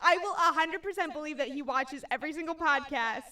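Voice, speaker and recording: A young woman co-hosting a casual podcast, her voice high and bright in pitch. She tells stories in an animated, giggly way. She sits a little back from the mic, so she sounds slightly distant. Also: fairly quick. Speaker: podcast co-host. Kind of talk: casual chat.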